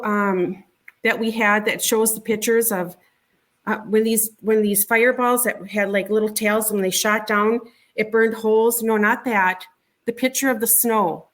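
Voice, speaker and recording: Halting middle-aged woman telling a story. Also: fairly high pitch. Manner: halting, repeats words and restarts often. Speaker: interview guest recounting a sighting. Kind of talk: conversational storytelling.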